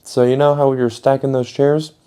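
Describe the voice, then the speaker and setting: A young man telling a casual storytime vlog, swearing a lot and acting out quotes loudly. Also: medium pitch, a little fast, clean tone. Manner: animated, swearing, acts out quotes in raised voice.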